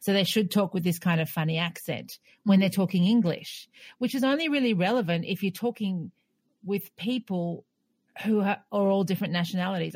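A woman's voice: medium pitch, darkish tone, no room sound. Woman cohost arguing her take, laughs a lot, dry sound. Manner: opinionated, argues her point with laughs. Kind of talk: casual chat.

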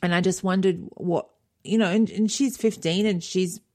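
A woman's voice: on the low side, steady tone, moderate pace, a little mellow. A middle-aged woman co-hosting a podcast, chatting casually, laughing often and retelling conversations. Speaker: podcast co-host. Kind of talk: casual chat.

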